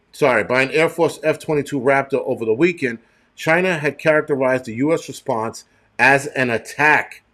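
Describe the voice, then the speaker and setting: A middle-aged man hosting a casual livestream, rambling and swearing freely as he thanks viewers in chat. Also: medium pitch. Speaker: show host.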